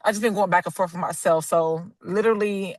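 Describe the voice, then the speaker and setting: A woman sharing on a group video call, halting and emotional, close to tears. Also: lowish voice, steady tone, darkish tone, no room sound. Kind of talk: casual personal sharing.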